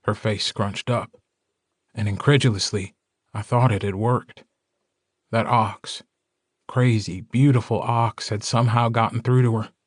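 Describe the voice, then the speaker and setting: A man narrating a first-person audiobook in a measured, steady storytelling manner. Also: fairly low pitch, no room sound, clean studio sound.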